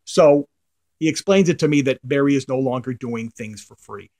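A man's voice: mid-range voice, normal speed, darkish tone. A middle-aged man, a comic art collector, casually telling a rambling anecdote to the camera, his voice trailing off into mutters at the ends of phrases.

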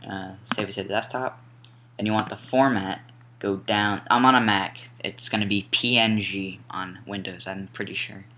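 A young man walks through a design tutorial in a low voice with a bright, forceful edge. He talks casually and apologizes for his own slips. Faint hiss and computer clicks sit under his home-mic recording. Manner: casual, apologetic, self-correcting instructions. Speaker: tutorial maker. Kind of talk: screen-recorded software tutorial. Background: mouse clicks and typing.

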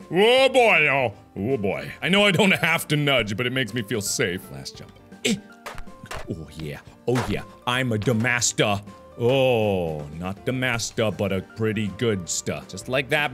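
A young man giving game commentary, talking to the game, swinging from mock-soothing murmurs to loud, exasperated outbursts. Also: mid-range voice. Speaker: gaming video host.

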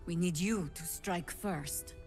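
A woman's voice: fairly low pitch, takes it slowly, over music. A woman voicing a stern veteran leader of a resistance band in a video game, speaking in a grave, commanding manner with a foreign-sounding accent. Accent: foreign-sounding, not named.

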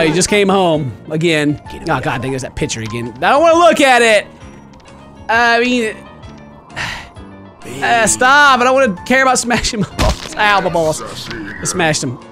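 A male gaming host riffs through a game with a high, bouncy voice that swings widely in pitch. He jokes constantly and yells at the characters on screen, while loud game music plays underneath. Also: unhurried, long pauses. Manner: shouts at game characters, jokey and animated. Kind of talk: comedic gameplay commentary.

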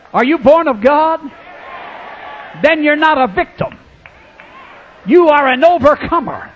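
A man preaching a revival sermon, swinging from loud hollering to hushed asides. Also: expressive, measured pace, long pauses. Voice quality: high-pitched, hollering. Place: revival tent or church with congregation. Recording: dull lo-fi recording with faint background noise.

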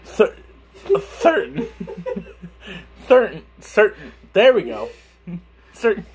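A man's voice: fairly high pitch, lively intonation, a little slow, darkish tone. A young man chatting casually on his vlog, speaking with a lisp from a burned tongue, laughing and swearing as he stumbles over words. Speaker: YouTuber.

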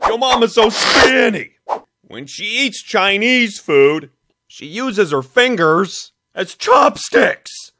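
Gravelly, lively comedy narrator who takes his time. Expect big pitch swings. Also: slow. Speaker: joke narrator. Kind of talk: animated comedy joke reading.

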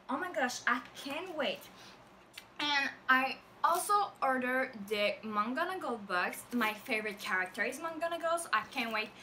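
Excitable French-accented woman, high and bright. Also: far from the mic, a little hiss or hum, low-quality recording. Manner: gushing, excitable, lots of fillers. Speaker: vlogger. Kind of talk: casual unboxing vlog.

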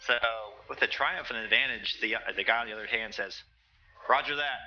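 A man narrating as game master of a tabletop role-playing game, energetic and loose with laughing asides. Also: lowish voice, quick pace, highs cut off, a crowd in the background.

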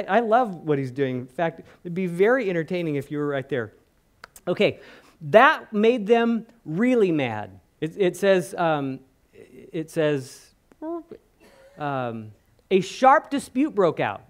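Guy preaching in church, highish voice that swings up and down a lot, retells stuff with little asides. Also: a little slow. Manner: animated storytelling, voicing the crowd and speaking in asides. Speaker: pastor. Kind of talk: sermon.

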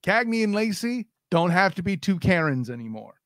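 High-voiced man hosting a podcast. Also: normal speed, no room sound. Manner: opinionated, animated rants. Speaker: podcast host. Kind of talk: casual podcast banter.

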